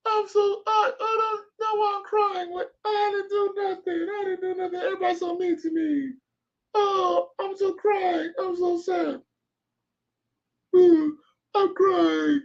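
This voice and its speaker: A man's voice: flat delivery, measured pace, lo-fi sound. A man mockingly imitating a whiny young woman who cries and insists she did nothing wrong. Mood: mock whining. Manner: falsetto whimpering mockery. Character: whiny crying young woman, mock-innocent.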